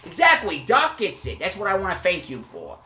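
A man hosting an improvised comedy podcast, rambling and halting with many fillers before turning suddenly emphatic. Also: high-pitched, huge pitch swings, pushed and bright, reverberant. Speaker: podcast host.

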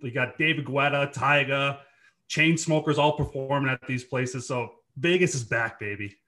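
A man's voice: medium pitch, moderate pace, pushed and bright. A man in his thirties with a Boston accent, a podcast guest chatting casually and laughing often. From Dorchester, Massachusetts. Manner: laid-back, laughs often, swears freely. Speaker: podcast guest, former hockey player. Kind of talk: casual chat.

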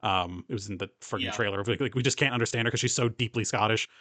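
A man's voice: on the low side, fast, pushed and bright, no room sound. A young man from the US Southeast, co-hosting a podcast in casual chat, rambling and laughing often. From US East Coast and Southeast. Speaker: podcast co-host.

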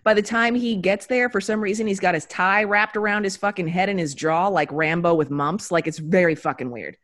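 A woman co-hosting a casual film chat, blunt, quick with asides and agreement. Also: mid-range voice, fairly bright tone. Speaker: podcast co-host.

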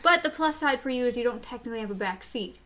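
A woman's voice: on the high side, lively intonation, quick pace, a crowd in the background. A woman in casual conversation, chatty and rambling, often laughing. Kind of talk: casual chat.

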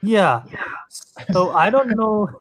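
A man hosting a casual podcast chat, animated and rambling, laughing easily. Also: sits high, takes it slowly. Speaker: podcast host.

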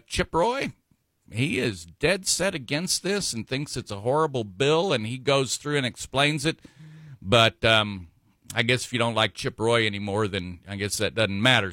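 A man's voice: medium pitch, sharp tone, no room sound, studio quality. A man hosting a local talk radio show, rambling with many fillers and self-corrections.

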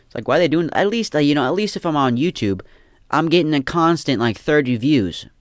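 A man's voice: a little high, expressive, a little fast, no room sound, studio quality. A young man ranting in a casual, profane, rambling way, often repeating himself. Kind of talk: casual rant.

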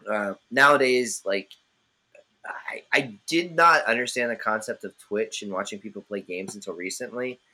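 A man's voice: on the low side, moderate pace, sharp tone, low-quality recording. A man hosting a podcast, chatting casually with an old friend in a rambling, jokey way and swearing freely. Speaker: podcast host. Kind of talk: casual chat among friends.

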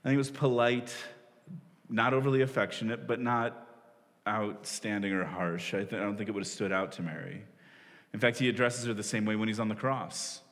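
A man in his forties, a pastor, delivers a conversational, self-deprecating sermon with frequent laughs and restarts. His voice is on the low side, fairly bright, fairly quick, and fairly even in intonation, heard via stage microphone with the long reverb of a large church hall.

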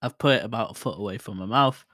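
A man's voice: fairly low pitch, quick pace, no echo, studio quality. Rambling man in his thirties podcasting. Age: 30s. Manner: rambling, self-deprecating, bursts of loud excitement. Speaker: podcast host. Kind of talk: casual solo podcast chat. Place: home room, alone. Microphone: desk mic set to far mode, about a foot away.

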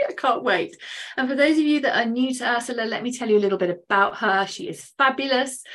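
A woman's voice: mid-range voice, a bit bright. Bubbly woman hosting a podcast. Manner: bubbly, enthusiastic, laughs often. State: out of breath. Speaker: podcast host. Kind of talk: casual chat, then upbeat podcast intro.

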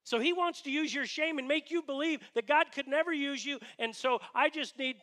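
A man delivers a sermon from the pulpit, speaking earnestly and pressing his points with rhetorical questions. His voice sits high for a man and has a bright, forceful edge. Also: fairly quick. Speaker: pastor.

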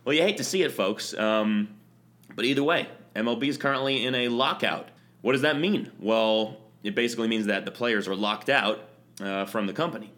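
A man's voice: medium pitch, normal speed, fairly bright tone. A man hosting a casual comedy podcast, crude and swinging into mock-announcer showmanship. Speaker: podcast host.

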